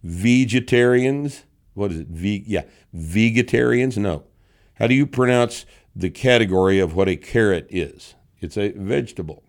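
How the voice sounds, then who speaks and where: A man's voice: lowish voice, moderate pace, gravelly. A male podcast host reading viewer comments aloud in casual chat, answering them with sarcastic, mocking remarks and crude jokes.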